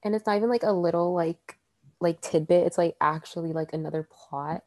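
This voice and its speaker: A woman's voice: lowish voice, fairly quick, darkish tone, no room sound. A woman hosting a casual podcast, rambling and earnest with lots of fillers. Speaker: podcast host.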